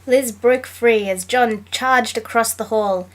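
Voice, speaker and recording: A woman's voice: a little high, slow. Woman reading aloud in a plain voice. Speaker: podcast guest co-host. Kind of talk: reading a book aloud, casual chat.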